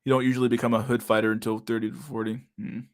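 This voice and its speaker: A man's voice: medium pitch, little pitch movement, very fast, no room sound, clean studio sound. A man in his thirties hosting a casual live stream, reading viewer comments aloud in a loose, profane way and saying "dude" a lot. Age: 30s.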